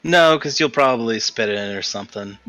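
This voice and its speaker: A man's voice: mid-range voice, lively intonation, a little fast, pushed and bright, no echo, soft background music. A man playing a tabletop role-playing game, teasing the others in a dry way. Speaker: player. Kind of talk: tabletop role-play chat.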